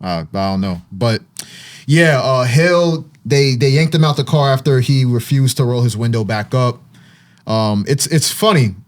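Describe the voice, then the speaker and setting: A podcast host recaps the sports news in a relaxed, loose chat, telling it with animated energy and lots of "uh"s and trailing restarts. His voice sits in a middle register, neither high nor low, and he talks a little slowly.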